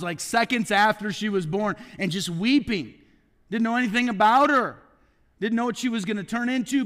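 Pastor guy in his 40s preaching, bit high voice, goes soft n hushed to make a point, long echo of a big church. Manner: heartfelt, drops to soft hushed tones for emphasis. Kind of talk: sermon. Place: church sanctuary.

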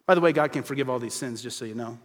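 A male pastor preaching a sermon in an earnest, direct way, asking rhetorical questions and slowing to a quiet stress on key phrases. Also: mid-range voice.

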